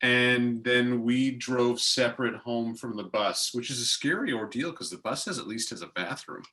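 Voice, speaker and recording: Male co-host, bright voice, animated self-mocking storyteller. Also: mid-range voice, moderate pace. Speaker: co-host, hockey broadcaster. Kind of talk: casual chat.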